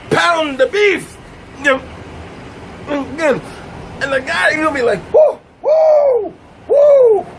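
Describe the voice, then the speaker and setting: A man giving a blunt comic rant to camera, animated and emphatic, sitting in a car. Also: a little hiss or hum, poor audio. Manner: animated, swooping pitch, drawn-out emphatic phrases. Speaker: vlogger.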